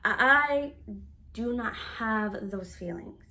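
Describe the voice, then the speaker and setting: A woman's voice: on the high side, slow. Candid woman in her thirties telling a story. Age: 30s. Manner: candid, animated retelling with quoted dialogue. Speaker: vlogger. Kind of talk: personal storytelling to camera.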